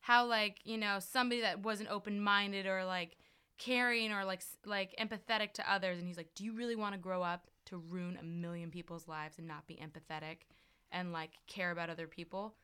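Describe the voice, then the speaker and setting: A woman's voice: medium pitch, steady tone, brisk, bright, forceful tone, clean tone. A woman in casual chat, telling personal stories with lots of fillers and acted-out quotes. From farm upbringing, rural. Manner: storytelling, many fillers, acts out quotes.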